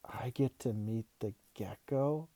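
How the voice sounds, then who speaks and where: Brief: man voicing a storybook fifth-grade boy, high, whiny, impatient, mellow dry tone. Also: big pitch swings, slow, dry recording. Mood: exasperated. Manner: pleading, impatient, easily thrilled. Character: fifth-grade boy, exasperated by his dad.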